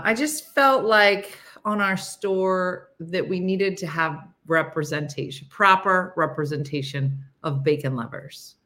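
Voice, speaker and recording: A woman's voice: lowish voice, a bit bright. A woman hosting a casual morning live stream, chatty and rambling, laughing often and reading viewer comments aloud.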